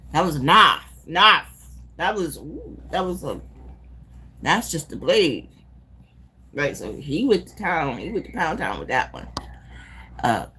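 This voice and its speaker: A woman live-streaming casually, retelling a movie in an animated, profane, rambling way. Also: on the low side, slight background noise. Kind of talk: casual chat recapping a movie.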